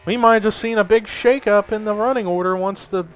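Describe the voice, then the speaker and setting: Young man, sim-racing play-by-play, slightly higher voice, steady and tentative. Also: fairly quick, rough recording. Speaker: play-by-play commentator. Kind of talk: amateur sim-racing commentary.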